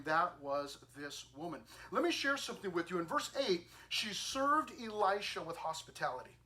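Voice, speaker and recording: A man's voice: high-pitched, sing-song, normal speed, hardly any pauses, pushed and bright. A male pastor preaching a sermon, telling a scripture story with acted-out lines and sound effects, then reading scripture and a poem aloud. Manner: reads scripture and poetry aloud.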